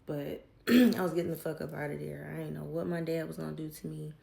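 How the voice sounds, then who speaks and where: Woman, telling her story, low-ish pitch, echoey room. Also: fairly even intonation, brisk, gravelly, warm tone. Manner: candid, swears freely, acts out quoted family voices. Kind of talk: casual storytelling.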